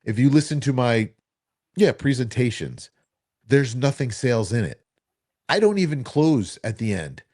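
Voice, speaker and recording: Male co-host, mid-pitch, animated storyteller who voices the people in his anecdotes. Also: normal speed. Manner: animated, acts out quoted dialogue. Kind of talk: casual storytelling chat.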